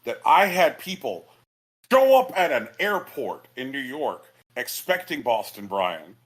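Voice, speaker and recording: Rambling man with lively pitch, podcast co-host. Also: measured pace. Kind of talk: casual chat.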